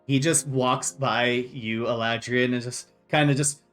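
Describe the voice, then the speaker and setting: A man's voice: medium pitch, steady tone, measured pace, fairly bright tone, faint music behind. A man narrating a tabletop game as game master in a loose, chuckling way with many fillers.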